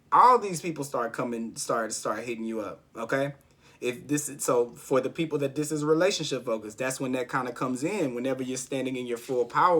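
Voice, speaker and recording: A man's voice: mid-range voice, a bit bright. A man giving a casual tarot reading, rambling and encouraging, often checking in with "okay?". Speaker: tarot reader.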